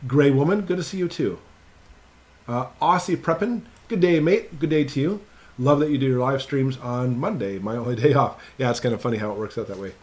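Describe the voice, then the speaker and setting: A man hosting a casual live stream from his computer, greeting viewers by name and chatting with them. His voice sits at an ordinary middle pitch. He keeps a loose, friendly flow of hellos and small talk. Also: fairly quick. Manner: greets viewers by name one after another, chatty and upbeat.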